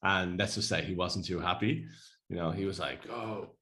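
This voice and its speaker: A man's voice: deep voice, steady tone, moderate pace, bright, forceful tone. An Irish man in his thirties co-hosting a podcast, chatting casually and telling rambling stories with frequent laughter. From Ireland. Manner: rambling storyteller, laughs often. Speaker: podcast co-host. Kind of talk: casual chat.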